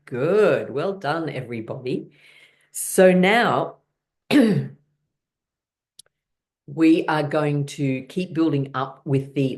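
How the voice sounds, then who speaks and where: A woman's voice: extremely low pitch, darkish tone. A woman teaching a guided laughter exercise class, coaching her listeners in an encouraging, playful way.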